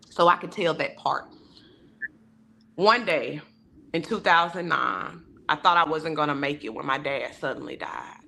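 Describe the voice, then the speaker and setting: A woman's voice: on the low side, sharp tone, a little hiss or hum. A woman giving a heartfelt, emphatic testimony on a video call, preacher-like in her delivery and acting out the voices she quotes. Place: virtual town hall video call.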